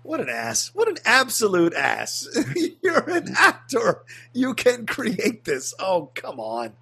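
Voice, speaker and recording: A man co-hosting a movie podcast, reacting with quick exclamations, jokes and questions. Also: high voice, huge pitch swings, gravelly, pushed and bright, husky. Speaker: podcast co-host. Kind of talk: casual film-discussion chat.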